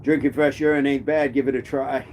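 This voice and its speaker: A man's voice: mid-range voice, little pitch movement, a little slow, a little mellow, slight background noise. A man hosting a casual live chat, reading viewers' comments aloud and joking about them. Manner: jokey, reads comments aloud and riffs on them.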